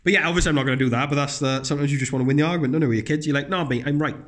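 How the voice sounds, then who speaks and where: A man's voice: medium pitch, fairly even intonation, racing. A young man hosting his own podcast, talking alone and casually in a blunt, sweary way, now and then putting on sarcastic voices. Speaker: podcast host. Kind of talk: casual solo podcast monologue.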